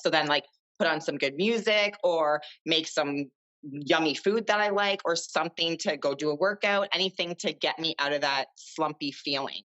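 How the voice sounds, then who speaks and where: A woman's voice: sits low, normal speed, fairly bright tone, muffled recording. A woman in her thirties, a podcast guest chatting casually and rambling with lots of fillers. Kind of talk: casual chat.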